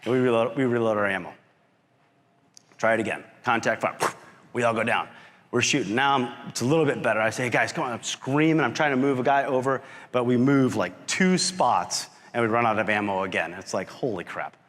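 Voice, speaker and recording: A man delivers a motivational story to an audience, his voice sitting at an ordinary middle pitch. He tells it with animated energy and acts out what others said. The recording carries the long reverb of a big hall. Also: fairly quick. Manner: animated storyteller who acts out quotes and shouts. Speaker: keynote speaker, company founder.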